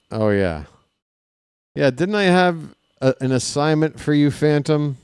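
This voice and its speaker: A man doing casual live play-by-play of a ballgame, chatting straight to his viewers between pitches with candid, self-deprecating asides. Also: animated, unhurried, a little mellow, clean tone, no echo, studio quality. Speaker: play-by-play commentator.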